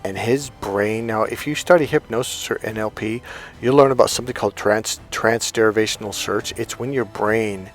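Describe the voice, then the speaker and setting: A man's voice: on the low side, moderate pace, faint music behind. A man speaking as a dating coach, telling a story to the camera in a blunt, emphatic way and swearing freely.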